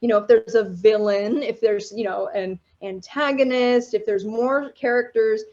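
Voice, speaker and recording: A woman guest speaker gives an informal talk to students over a video call, chatty and enthusiastic and laughing between points. Her voice is a little high with a darkish tone, steady and moderately paced, in dull lo-fi audio.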